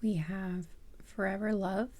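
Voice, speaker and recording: A young adult woman giving a casual tarot reading, rambling with many fillers and soft laughs. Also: mid-range voice, steady tone, measured pace, slight background noise. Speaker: tarot reader.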